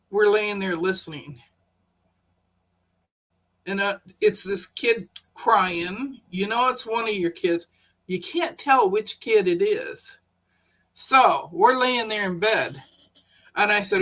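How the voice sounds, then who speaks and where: Bright-voiced woman host, slow easygoing delivery, casual live-stream storyteller. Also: medium pitch, poor audio. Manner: chatty, laughs often while telling stories. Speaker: livestream host.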